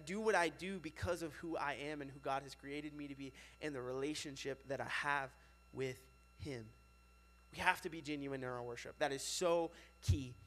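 A young man with a high voice preaches to a youth group in a loose, chatty way. He fills his sentences with casual filler words and keeps the energy animated. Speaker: youth pastor.

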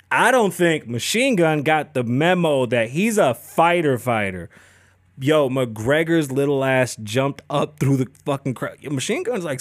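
A man's voice: medium pitch, no echo, studio quality. A man hosting a podcast, ranting casually and profanely with lots of swearing. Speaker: podcast host. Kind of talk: casual chat.

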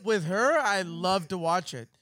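High-voiced joking male podcast co-host. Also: expressive, unhurried, sharp tone, dry recording. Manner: joking, blunt, laughs often. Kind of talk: casual chat.

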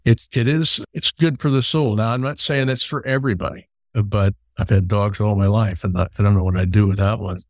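A man's voice: lowish voice, steady tone, a little fast, hardly any pauses, no echo, clean studio sound. A middle-aged man hosting an interview who tells long stories and repeats words as he starts his sentences. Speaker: podcast host. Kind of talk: conversational storytelling.

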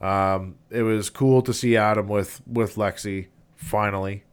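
Male podcast host, low voice, laid-back and blunt, casual talk. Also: steady tone, measured pace, smooth. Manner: easygoing, blunt, with occasional swearing. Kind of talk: casual chat.

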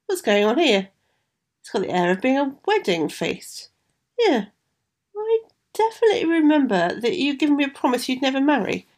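A woman's voice: sits high, very animated, moderate pace, a little mellow, pitched above the performer's own voice. A woman voicing a menacing, vengeful male pursuer in a fairy tale, who shrieks threats in a raised voice. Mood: suspicious.

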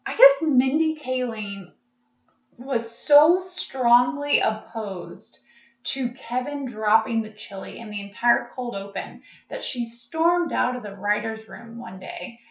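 A woman's voice: on the high side, animated, takes it slowly. A woman co-hosting a casual podcast, chatty and laughing often as she recaps. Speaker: podcast co-host. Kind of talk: casual chat. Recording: echoey, dull lo-fi sound.

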